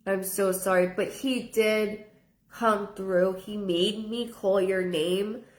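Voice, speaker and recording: A woman's voice: medium pitch, fairly even intonation, slow pace. Woman medium, earnest, repeats herself; live reading in a reverberant room. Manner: earnest, repeats phrases, relays a spirit's words in first person. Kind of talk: live-stream spirit reading.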